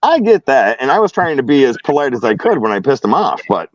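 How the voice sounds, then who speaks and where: A man's voice: mid-range voice, very animated, fast, no echo, muffled recording. A man telling a story in casual chat, acting out both sides of a dialogue.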